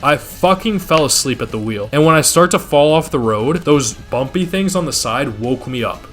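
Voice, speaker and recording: A man's voice: fairly high pitch, expressive, moderate pace, a bit bright, faint music behind. A man rambling casually as a gaming video creator, swearing when frustrated.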